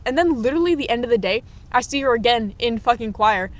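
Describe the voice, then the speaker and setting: A woman's voice: a little high, expressive, fast, few pauses. A young woman co-hosting a podcast, candidly recounting school drama and swearing freely. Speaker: podcast co-host. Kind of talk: casual storytelling chat.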